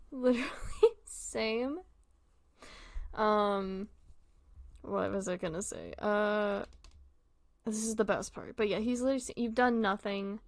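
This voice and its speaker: Young woman streamer, chatty and scattered, often laughing, mid-pitched, close dry mic. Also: takes it slowly, long pauses, no room sound. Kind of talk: casual live-stream commentary.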